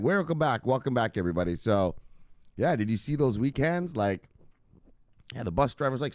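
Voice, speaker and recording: A man's voice: mid-range voice, very animated, moderate pace, a little mellow. A man hosting a crypto news show, giving hyped and profane casual market commentary straight to his viewers.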